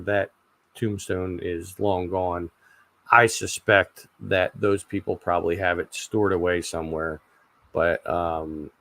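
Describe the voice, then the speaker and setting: A man in his forties hosting a casual livestream chat, rambling and halting with lots of fillers and repeated words. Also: fairly low pitch, a bit bright, dry recording. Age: 40s. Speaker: channel host.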